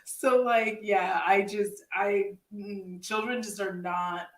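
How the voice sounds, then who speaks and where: Animated woman host in an echoey room. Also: medium pitch, slow pace. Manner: animated, laughs often, blunt and swears. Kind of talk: casual chat. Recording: echoey room, mic at a distance.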